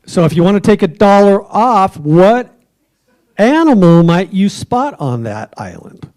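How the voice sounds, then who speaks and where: A man's voice: sits high, very animated, measured pace, a little mellow. A man hosting a trivia quiz at a club meeting, joking with the tables and offering hints for a dollar.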